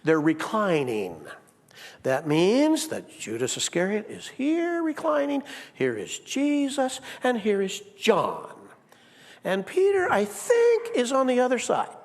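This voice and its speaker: High, lively male pastor preaching, acts out voices, church hall reverb all over. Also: slow pace. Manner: animated, acts out quotes with big pitch swings. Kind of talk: sermon. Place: church sanctuary.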